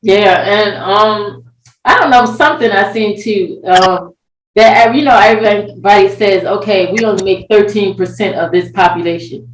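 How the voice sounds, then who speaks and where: A woman's voice: mid-range voice, moderate pace, roomy sound, distant mic, low-quality recording. A woman in a casual podcast discussion, speaking hesitantly with many fillers.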